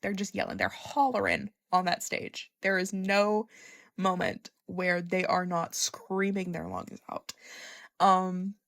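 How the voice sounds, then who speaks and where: A young woman telling a casual storytime, excitable and profane, gushing and laughing often. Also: fairly low pitch, slow, vocal fry, dry recording, studio quality. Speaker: vlogger.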